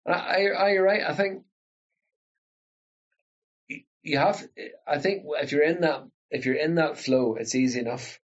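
Ulster Scots man, husky, animated storyteller, dull lo-fi recording. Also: on the high side, unhurried, pauses often. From Northern Ireland. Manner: animated storyteller who acts out family voices. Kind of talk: casual storytelling chat.

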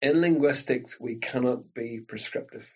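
A man with an Ulster Scots accent tells stories in easy conversation, slipping into the voices of the people in them. His voice is husky, and the recording sounds dull and lo-fi. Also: mid-range voice, moderate pace. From Northern Ireland. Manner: animated storyteller who acts out family voices. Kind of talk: casual storytelling chat.

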